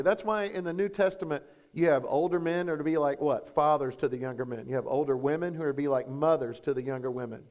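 A man's voice: on the high side, highs cut off. A man, preaching a sermon as pastor, emphatic and full of rhetorical questions.

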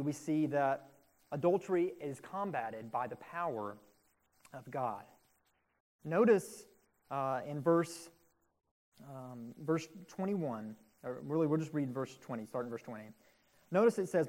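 A man preaching a sermon in an earnest, emphatic way, repeating phrases for stress. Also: on the high side. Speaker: pastor.

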